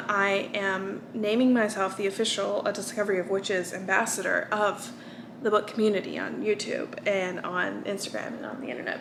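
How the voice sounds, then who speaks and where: Tired from a lack of sleep, a young American woman vlogger chats casually, rambling through fillers and restarts. Her voice is medium in pitch, and background noise is present.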